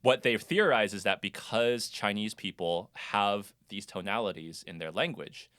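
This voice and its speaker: A young man co-hosting a podcast in casual chat, halting and rambling as he explains, laughing easily. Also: on the low side, fairly bright tone, dry recording, clean studio sound. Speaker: podcast co-host.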